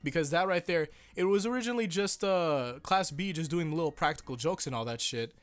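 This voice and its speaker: A young man reviewing an anime episode in casual chat, rambling with lots of swearing and hyped excitement. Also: a little high, fairly quick, faint music behind.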